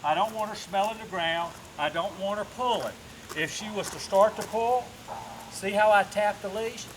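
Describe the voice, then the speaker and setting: A man with a high voice teaches a dog training session, walking through each step and pausing to check in. He slips between calm explanation and bright commands and praise for the dog. A faint hiss sits under the recording. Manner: explains step by step, often tagging on a checking "okay?"; switches to upbeat praise and commands while working the dog. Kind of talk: instructional training demonstration.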